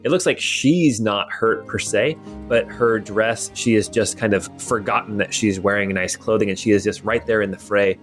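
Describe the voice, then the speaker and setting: A man's voice: lowish voice, moderate pace, few pauses, soft background music. A man narrating a tabletop role-playing game as game master, describing scenes loosely with many fillers.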